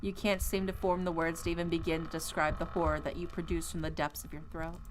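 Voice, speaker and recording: A woman streaming a horror visual novel, reading its narration in a measured, atmospheric way with casual asides. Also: fairly low pitch, level tone, background noise.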